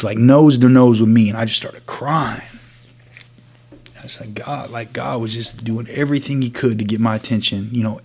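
A man earnestly telling his own story as an interview guest, halting and restarting often. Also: medium pitch, darkish tone. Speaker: guest sharing his testimony. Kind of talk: personal storytelling.

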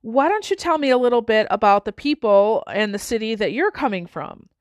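A woman voicing a wise older man in a spoken parable, calm and folksy. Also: a little high, a little fast, no room sound, clean studio sound, lightly acted. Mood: calm, kindly.

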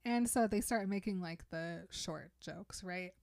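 A young woman in casual chat, retelling a film scene by scene in an animated way and quoting the characters. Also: fairly low pitch, creaky, no echo. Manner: animated storytelling, quoting characters in quick voices. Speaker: podcast co-host retelling a film.

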